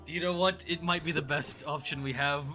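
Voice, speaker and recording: Bright-voiced man playing a tabletop game. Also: on the high side, steady tone, brisk, soft background music. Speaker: player. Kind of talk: casual tabletop game chat.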